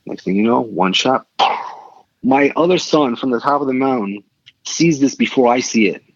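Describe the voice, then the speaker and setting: A middle-aged man, a podcast guest, telling a story casually and animatedly, with quick excited bursts. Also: medium pitch, no echo. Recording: dull lo-fi sound.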